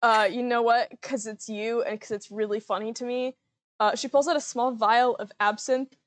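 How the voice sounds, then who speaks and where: A woman's voice: on the high side, steady tone, normal speed, slight background noise. A woman narrating her character in a casual tabletop role-play, giggly and rambling. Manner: giggly, rambling, many fillers.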